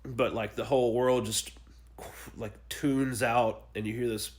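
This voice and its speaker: A man's voice: mid-range voice, fairly even intonation, unhurried. A young adult man casually telling his own story in a blunt, profane, emotional way, acting out the people he quotes.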